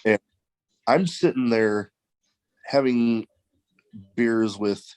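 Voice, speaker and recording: A man from the American Midwest hosting a casual chat, relaxed and halting, with long pauses. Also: mid-range voice, rough recording. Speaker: podcast host.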